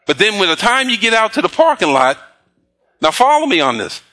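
A man preaching a sermon, reading scripture slowly and pausing to prompt the congregation with call-and-response questions. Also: high-pitched, sing-song, sharp tone. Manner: slow emphatic scripture reading. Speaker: pastor.

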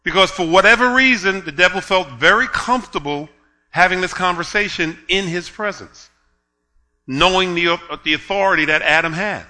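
A man preaching a sermon, telling a story with laughs, then reading scripture slowly and building to loud emphatic points. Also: sits high. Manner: drawn-out, slow reading of scripture.

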